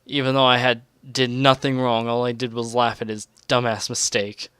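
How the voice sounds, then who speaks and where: A man's voice: mid-range voice, steady tone, normal speed, pushed and bright, clear, resonant tone, dry recording, clean studio sound. A young man telling a crude, rambling storytime vlog, laughing at his own story. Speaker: storytelling vlogger.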